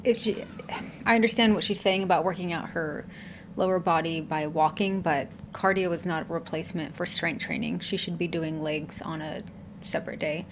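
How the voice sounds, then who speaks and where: A woman's voice: sits low, fairly even intonation, normal speed, noisy background. A woman hosting a reaction channel, giving blunt, candid commentary and swearing offhand.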